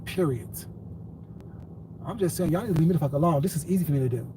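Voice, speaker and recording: A man on a live stream addresses his viewers in a long, blunt lecture that tips into cursing. His voice sits a little high. He is a little away from the microphone, with faint room noise behind him. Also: fast. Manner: lecturing, then cursing angrily. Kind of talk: live-stream rant to chat. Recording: distant mic, faint ambient noise.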